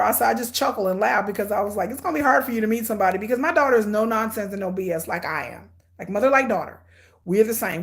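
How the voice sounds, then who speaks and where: Woman, high-pitched, middle-aged, blunt, sarcastic, animated, casual watch-along commentary. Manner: hyperactive and energetic. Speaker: reality TV commentator.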